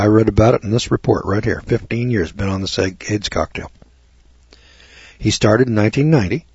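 A man preaching a sermon in an indignant, mocking way, repeating words and clearing his throat. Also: lowish voice, darkish tone, dry recording, lo-fi sound. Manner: indignant, mocking, rises to exclamations.

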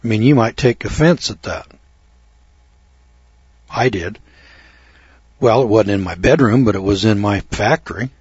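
In a folksy storytelling lecture, a middle-aged man speaks to an audience at a measured pace, leaving long pauses. His voice is low and slightly rough. He wanders through a self-mocking tale, repeating words, and the recording is dull, muffled and dry with no room sound.

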